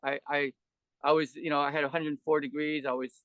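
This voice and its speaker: Older man rambling reflectively, high-voiced. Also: fairly quick, no echo, dull audio. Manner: meandering, with frequent restarts and fillers; grows animated and wondering when recounting experiences. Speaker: podcast guest. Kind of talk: reflective conversational storytelling.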